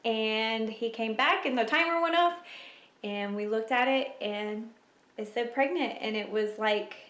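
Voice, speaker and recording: A young woman vlogger chatting casually to camera at home, emotional and quick to laugh. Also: on the high side, fairly bright tone. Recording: echoey room.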